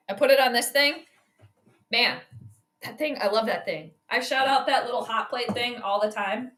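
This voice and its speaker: A high, bright woman's voice chatting casually on a livestream. She rambles from one topic to the next, reacting to the game and greeting viewers as she goes. The tone stays light and talkative. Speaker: livestream host doing game commentary and astrology predictions. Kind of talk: casual live-stream chat and play-by-play reactions.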